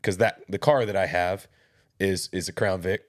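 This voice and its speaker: A man's voice: sits low, fairly even intonation, moderate pace. A man telling stories from police work as a podcast guest, laughing often. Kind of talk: casual storytelling.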